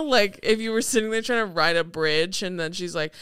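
Smooth-voiced young woman telling a story. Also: mid-range voice, a little fast, few pauses, dry recording, clean studio sound. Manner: animated storytelling, swears freely, acts out movie lines. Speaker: podcast co-host. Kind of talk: casual chat.

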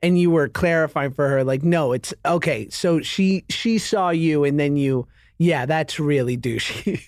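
A man in his thirties co-hosting a podcast in casual comedic chat, playful and quick to laugh. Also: on the high side, a little mellow, no room sound, clean studio sound. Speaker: podcast co-host.

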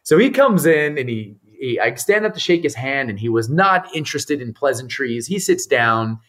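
A man, a mental performance coach and podcast guest, telling a story in an animated way and acting out the people he quotes. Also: medium pitch, moderate pace.

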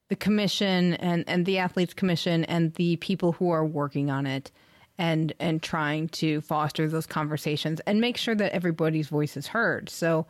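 A woman's voice: fairly low pitch, no room sound. Upbeat woman podcast host, dry sound. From United States. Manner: upbeat, newsy, enthusiastic. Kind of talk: casual chat.

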